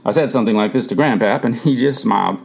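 A man's voice: medium pitch, fast talker, creaky. A man reading a first-person memoir aloud as the narrator, earnest in tone and lifting his voice for quoted speech.

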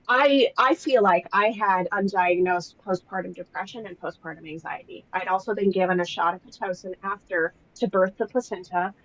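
A woman's voice: medium pitch, highs cut off. A young adult woman, a podcast guest, candidly recounting her own experience in a casual, emotional way with lots of fillers. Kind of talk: casual personal storytelling.

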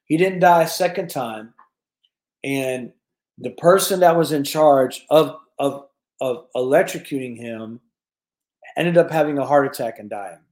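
A man hosting a religious prophecy newscast, retelling a story and reading a testimony aloud with emphatic lifts on key words that fall away low. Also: a little slow, a little mellow, echoey room.

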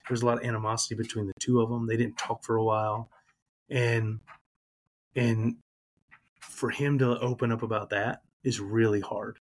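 A man's voice: medium pitch, flat delivery, moderate pace. A man in his thirties speaks as a podcast guest, with an ordinary mid-range voice. He tells his own story candidly and reflectively, earnest and open, with feeling close to the surface. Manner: earnest, reflective, emotional at times.

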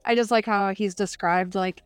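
Brief: woman podcast co-host, casual filler-heavy recap, mid-pitched voice, dry sound. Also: steady tone, moderate pace, clear, resonant tone, no echo, faint music behind. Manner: chatty, heavy use of "like". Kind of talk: casual book review chat.

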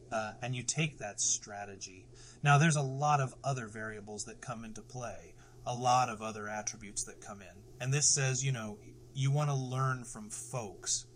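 A man's voice: mid-range voice, a bit bright, slight background noise. A middle-aged man hosting a motivational podcast, talking emphatically, swearing for emphasis and tossing in rhetorical "right?"s. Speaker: podcast host.

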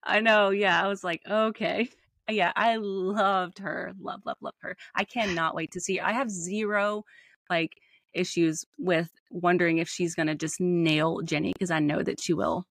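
A Southern American woman co-hosting a podcast, talking in an enthusiastic, gushing way with frequent laughs. Her voice sits a little low, recorded dry and close with no room around it. Casual, chatty delivery. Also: steady tone, normal speed, fairly bright tone, no echo. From United States. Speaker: podcast co-host. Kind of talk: casual chat.

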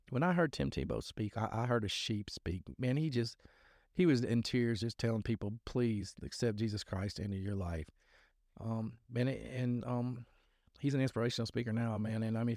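A man's voice: mid-range voice, darkish tone, no room sound, studio quality. A man hosting a faith podcast, talking in a rambling, earnest way, with many restarts and trailing thoughts. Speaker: podcast host. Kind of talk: casual faith podcast talk.

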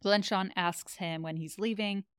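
A woman's voice: mid-range voice, steady tone, normal speed, a bit bright, clean tone, dry recording. A woman co-hosting a podcast, casually recapping a TV episode in storytelling fashion and laughing often.

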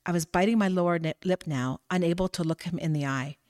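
Low-voiced woman reading a novel. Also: quick pace, a little mellow, dry recording, clean studio sound. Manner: reads with small slips and restarts. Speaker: audiobook reader. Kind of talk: first-person novel narration with dialogue.

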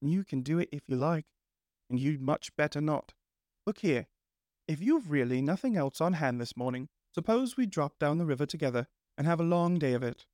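A man voicing a genial, dreamy male water rat in a storybook, solemn and musing, jumping up high when excited. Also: normal speed, no room sound, clean studio sound, natural voice. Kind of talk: storybook character reading.

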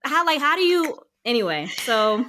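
A woman's voice: high-pitched, big pitch swings, moderate pace, sharp tone. A woman co-hosting a podcast, telling a story in casual chat and laughing often. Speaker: podcast co-host.

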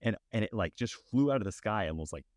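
Podcast co-host, man, 30s, easygoing and chatty, lowish voice, dry studio sound. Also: animated, fast talker, a little mellow, no room sound. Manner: laid-back, laughs often, says dude and man. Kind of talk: casual chat.

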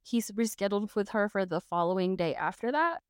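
A teenage girl chats on a podcast in slangy, casual speech and retells gossip by acting out each person's voice. Her voice is clear and smooth, and the recording is dry. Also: medium pitch, animated, brisk, no room sound. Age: teens. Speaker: podcast co-host. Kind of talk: casual chat.

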